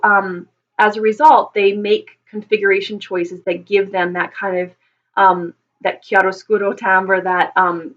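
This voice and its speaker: A woman's voice: mid-range voice, fairly bright tone. Woman explaining vocal technique, dull audio. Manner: thoughtful, with many ums and restarts. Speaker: voice teacher.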